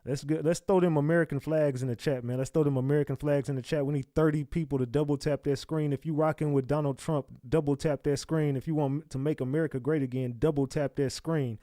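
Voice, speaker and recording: A man's voice: a little high, fairly even intonation, quick pace, few pauses, warm tone, dry recording, studio quality. A man hosting a live news stream, talking casually in slang and repeatedly hyping up his chat. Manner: hypes the chat, slangy and repetitive. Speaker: livestream news host.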